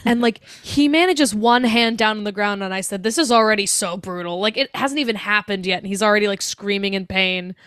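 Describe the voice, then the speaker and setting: A woman's voice: medium pitch, a little fast, few pauses, fairly bright tone, clean tone, no echo. A young woman co-hosting a podcast, recapping a movie in casual chat, acting out the characters' lines and laughing often. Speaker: podcast co-host.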